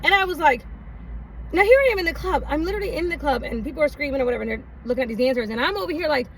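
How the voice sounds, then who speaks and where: A female vlogger rambles casually through a personal story, laughing often and using many fillers. Her high voice has lively intonation and a rapid-fire delivery, picked up by a distant mic with faint background noise.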